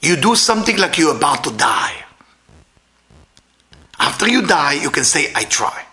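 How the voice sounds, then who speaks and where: Man, informal sermon, non-native English, tense bright voice, loud-to-quiet swings. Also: a little high, big pitch swings, normal speed. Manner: emphatic, swings from loud to hushed.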